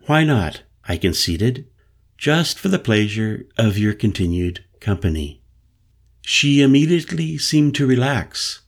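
Slow, low-voiced male audiobook narrator. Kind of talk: scripted first-person narration.

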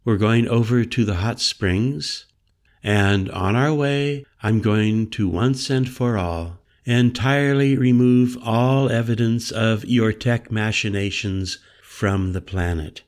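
Man voicing a commanding woman, firm, measured, low and slow, storybook.

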